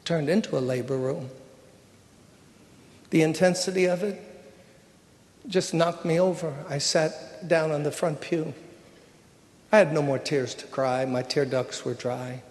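An older man giving a sermon with a personal testimony, telling the story in an emotional, conversational way that drops to a hush at times. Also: on the high side, a little slow, long pauses, long reverb tail. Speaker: preacher. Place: church sanctuary.

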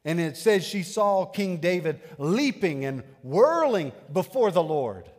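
A man in his thirties preaching a sermon as a pastor, animated, swinging between loud bursts and hushed asides. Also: high-pitched, a little slow, big-room sound. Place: church sanctuary.

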